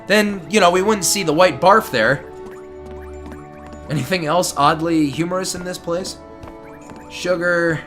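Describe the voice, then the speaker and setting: A man's voice: high voice, a little slow, pauses often, a bit bright, faint music behind. A man giving casual, rambling gameplay commentary, amused and talking straight to his viewers. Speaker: let's play commentator.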